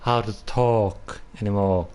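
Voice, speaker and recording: A man's voice: lowish voice, fairly even intonation, takes it slowly, darkish tone, clean tone. A young man chatting casually on a live stream, rambling and apologizing for himself. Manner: rambling, self-conscious, apologetic.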